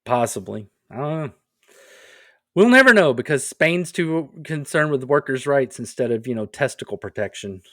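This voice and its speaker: A man's voice: mid-range voice, sing-song, moderate pace, a bit bright, no room sound, clean studio sound. A man co-hosting a comedy podcast, telling stories casually with wry joking asides. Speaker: podcast co-host.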